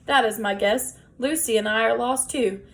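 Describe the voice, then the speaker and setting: A woman's voice: on the high side, moderate pace. Woman reading as a courtly, bearded drifter. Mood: genial. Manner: courtly, gentle, wordy. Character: huge bearded kindly male drifter.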